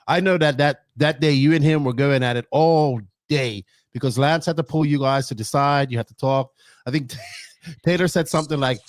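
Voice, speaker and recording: A man hosting a casual live-stream talk show. He chats agreeably and pokes fun at himself. His voice sits a little high, and the sound is dry. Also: dry recording. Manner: chatty, agreeable, self-deprecating. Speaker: host.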